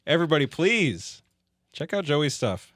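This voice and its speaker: A man's voice: fairly high pitch, very animated, moderate pace, a bit bright, no echo, clean studio sound. A man in casual podcast chat, teasing his friends with playful asides. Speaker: podcast co-host.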